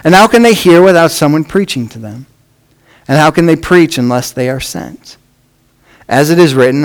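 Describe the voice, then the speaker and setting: Man preaching, slightly high voice. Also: poor audio. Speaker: pastor. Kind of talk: sermon.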